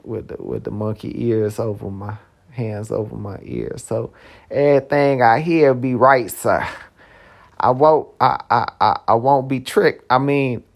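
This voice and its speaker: A man's voice: medium pitch, creaky. A man voicing a meek male defendant who pleads with a judge, servile and repeating "sir".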